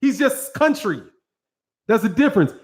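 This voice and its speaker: High-voiced American man ranting profanely. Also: big pitch swings, normal speed. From United States. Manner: profane, slangy, rambling rant. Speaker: boxing channel host. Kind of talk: casual ranting commentary.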